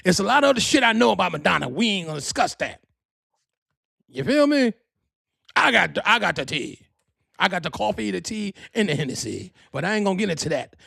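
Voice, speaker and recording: A male podcast host with a high, husky voice that carries gravel and fry. He rambles through profane gossip in lively swoops of pitch. The room sounds dry and close. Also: no room sound. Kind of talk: casual storytelling monologue.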